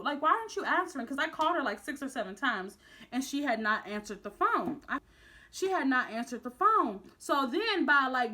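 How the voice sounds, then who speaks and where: A young woman tells a college drama story to her viewers, acting out the quotes with big swings in her voice. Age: young adult. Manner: animated, dramatic, acts out quotes with big pitch jumps. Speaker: vlogger. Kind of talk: storytime vlog, casual retelling.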